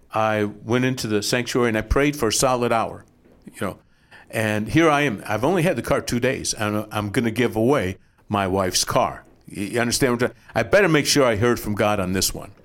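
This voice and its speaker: Pastor man telling a lively story. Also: lowish voice. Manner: animated storyteller, quick asides. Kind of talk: storytelling testimony.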